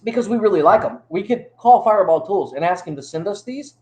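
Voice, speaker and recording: A man's voice: sits high, expressive, quick pace, background noise. A man with a Texan accent, a YouTuber chatting to viewers in a rambling, enthusiastic way from an indoor gift shop. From Texas. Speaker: YouTuber and museum worker. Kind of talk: casual chat to viewers. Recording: echoey room.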